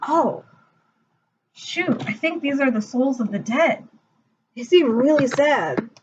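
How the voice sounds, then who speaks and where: Woman doing a chill young goddess girl, slangy and comforting, slow, kinda muffled audio. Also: high voice, lively intonation, noisy background. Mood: gentle. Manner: casual, slangy, reassuring. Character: kind young goddess of spring, queen of the underworld. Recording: dull lo-fi recording.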